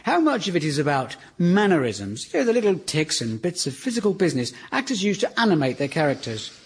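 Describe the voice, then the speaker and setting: Sardonic man, lively radio host. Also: on the high side, brisk, breathy edge. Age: 40s. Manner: wry, sardonic, lively delivery. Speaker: comedy show host. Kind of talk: scripted radio comedy monologue. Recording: hissy archive radio recording.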